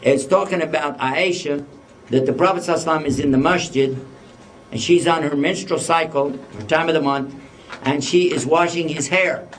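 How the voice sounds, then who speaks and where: A man's voice: fairly high pitch, a little fast, slight background noise. A man giving an Islamic lecture to a live audience, joking and putting questions to the listeners. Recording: voice a bit distant from the mic.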